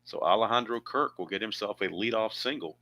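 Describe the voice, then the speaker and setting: Bright-voiced man calling a dice baseball game. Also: lowish voice, a little fast. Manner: chatty, thinks aloud, wanders into asides. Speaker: tabletop baseball game player narrating. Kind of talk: play-by-play narration of a dice game.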